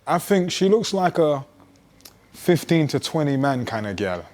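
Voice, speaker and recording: A man's voice: a little high, very animated, measured pace, darkish tone. A man chatting casually, telling stories in laid-back slang. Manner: laid-back slangy storytelling, tags lines with "bruv". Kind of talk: casual chat.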